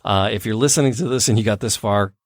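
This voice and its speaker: A man's voice: lowish voice, fast talker, no echo. A man hosts a laid-back podcast, telling a long story full of fillers and restarts. His voice sounds dry and close, with no room around it. He throws in crude jokes at his co-host. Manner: joking, crude banter. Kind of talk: casual chat.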